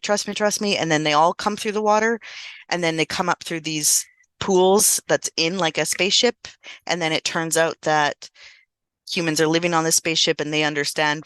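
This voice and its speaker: A woman with a low-pitched, fairly bright voice co-hosts a podcast, and the recording has no echo. In a casual movie review chat, she recaps a film's plot with plenty of filler words.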